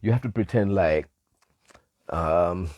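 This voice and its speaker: A man DJ from Malawi telling a personal story in casual chat, animated, laughing often and acting out the people he quotes. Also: low voice, slow pace, dry recording, muffled recording. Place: live stream.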